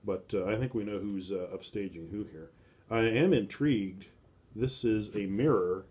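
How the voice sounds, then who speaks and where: A man's voice: lowish voice, normal speed, darkish tone, slightly rough. A man streaming live, musing casually over estate sale art listings and wandering off into tangents, with many fillers. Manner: rambling, thinking aloud with many fillers.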